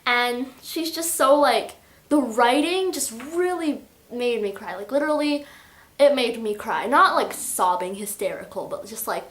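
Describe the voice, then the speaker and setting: Fairly high-pitched and animated, with a fairly bright tone, a young woman talks at normal speed in a reverberant space. She's a book vlogger casually reviewing a beloved book, gushing, giggling and doing little voices for the quotes.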